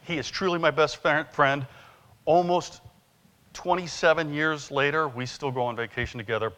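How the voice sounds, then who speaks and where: A man speaking as a sales trainer at a conference keynote, animated and joking as he tells stories, in a large hall with long reverb. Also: fairly high pitch, moderate pace.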